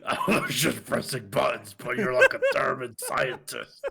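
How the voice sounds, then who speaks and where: A man's voice: medium pitch, big pitch swings, normal speed, gravelly, heavy background noise. A man co-hosting a let's play in casual chat, talking things through aloud and laughing easily.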